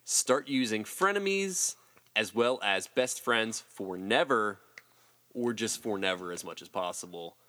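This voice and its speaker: A man's voice: fairly low pitch, expressive, bright, forceful tone. A man co-hosting a podcast, recapping a movie in casual chat with joking asides. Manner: joking, quick asides with acted quotes. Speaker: podcast co-host.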